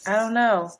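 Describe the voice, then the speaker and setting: A woman co-hosting a podcast, chatting casually in a candid, loose way with frank swearing. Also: fairly high pitch. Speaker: podcast co-host. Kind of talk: casual chat.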